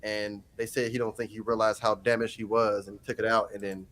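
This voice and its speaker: A man hosting a casual livestream chat, telling stories in loose slangy talk and jumping into high mocking voices for quotes. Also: flat delivery, a little fast, a bit bright. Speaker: host.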